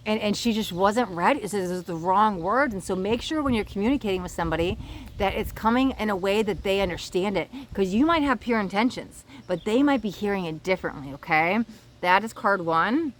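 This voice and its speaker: A woman's voice: medium pitch, animated, fairly quick, a little hiss or hum. A woman giving a casual, rambling oracle card reading to camera outdoors by the water, often checking in with her viewers.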